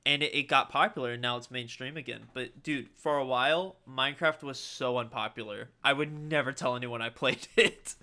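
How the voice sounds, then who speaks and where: A man's voice: mid-range voice, brisk, few pauses. A young man co-hosting a podcast in casual chat, laughing often and acting out quotes as he tells stories. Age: young adult. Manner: laughs often, animated storytelling with acted-out quotes. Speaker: podcast co-host.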